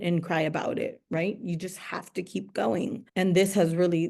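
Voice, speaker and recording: A woman's voice: fairly low pitch, creaky, mellow. A young adult woman hosting a podcast, speaking earnestly in casual conversation and repeating herself for emphasis. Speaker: podcast host.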